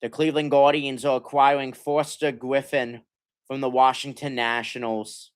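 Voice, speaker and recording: A hoarse young man ranting as a sports livestream host, stammering and sighing, swinging between muttered complaints and loud outbursts. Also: mid-range voice, little pitch movement, moderate pace. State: hoarse from yelling. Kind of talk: frustrated fan rant on a livestream.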